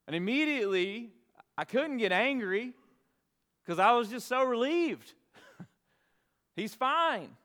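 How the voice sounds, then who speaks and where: Man preaching, smooth resonant voice, slightly high, long hall reverb, earnest measured delivery. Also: lively intonation, bright, forceful tone. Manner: earnest, measured storytelling with dramatic pauses. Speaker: pastor. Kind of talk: sermon with personal story.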